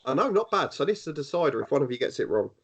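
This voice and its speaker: A man's voice: fairly high pitch, sing-song, rapid-fire, husky. A man hosting a podcast, reading out scenarios with a dry, wry delivery. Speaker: podcast host asking questions. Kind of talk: reading out scenarios, casual chat.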